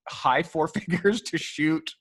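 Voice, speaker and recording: A man, a photographer, telling long stories in a relaxed interview, full of fillers like "um" and "like". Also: fairly high pitch, takes it slowly, breathy edge. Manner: loose, animated storyteller who acts out quoted people; frequent fillers like "um" and "like". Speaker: photographer guest. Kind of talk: storytelling in a podcast interview.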